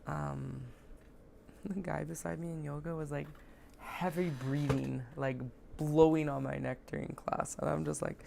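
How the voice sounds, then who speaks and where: A woman's voice: sits low, steady tone, measured pace, vocal fry, mellow, slight background noise. A woman talking casually as she sews, joking and chatting to herself while she works in a home sewing room. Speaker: sewing vlogger.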